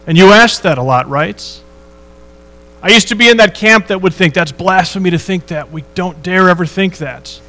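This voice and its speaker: High-voiced man preaching a sermon. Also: normal speed, sharp tone, faint music behind, low-quality recording. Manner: conversational preaching with rhetorical questions. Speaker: pastor.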